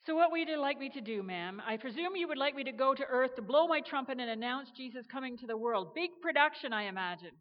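Woman doing a flustered, skeptical angel in a dull, echoing room. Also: expressive. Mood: incredulous. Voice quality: higher and louder, drawn-out exclamations. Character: excitable skeptical male angel, blurting and fussy. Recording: dull reverberant sound.

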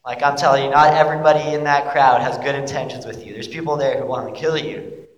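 A young man plays an earnest young disciple who rambles casually through his story, every other phrase padded with "like". His medium-pitched voice rings out in a roomy hall with a long, trailing reverb. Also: fairly even intonation, fast, muffled recording, natural voice. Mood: earnest, confused. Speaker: actor playing a biblical disciple. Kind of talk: monologue, casual modern retelling.

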